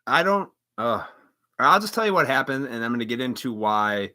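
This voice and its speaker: A man's voice: mid-range voice, sing-song, moderate pace, bright, forceful tone. A man hosting a live stream, telling a story in a casual, indignant, profanity-laced rant full of restarts.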